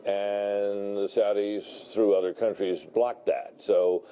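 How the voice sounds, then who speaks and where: A man commenting on a televised political panel, measured and deliberate, often hunting for words. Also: lowish voice, level tone, dark tone. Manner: measured and deliberate, with frequent filler words and restarts. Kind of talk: broadcast panel discussion.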